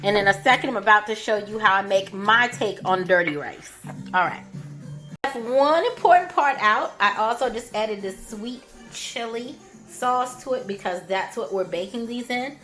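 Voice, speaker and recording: A woman's voice: medium pitch, lively intonation, moderate pace, sharp tone, soft background music. A woman vlogging her home cooking, chatting through each step as she shows the food. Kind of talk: cooking demonstration.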